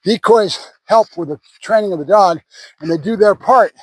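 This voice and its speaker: A man's voice: high-pitched, normal speed, slightly rough, low-quality recording. A man who trains dogs, talking casually to the camera outdoors between words of praise to a puppy. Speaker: dog trainer.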